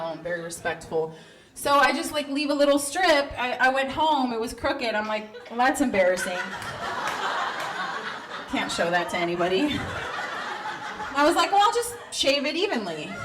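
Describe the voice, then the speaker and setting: A woman's voice: medium pitch, lively intonation, moderate pace. A woman in her thirties doing a stand-up comedy set, brash, profane and self-mocking, laughing through her lines. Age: 30s. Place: comedy club stage. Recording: noisy live club recording.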